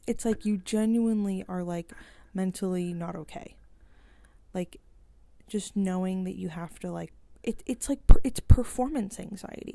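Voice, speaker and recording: A woman's voice: medium pitch, vocal fry, dark tone, no echo. A young woman in a casual vlog, rambling with lots of "like" and exasperated rhetorical questions. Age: young adult. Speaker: vlogger. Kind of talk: casual vent to camera.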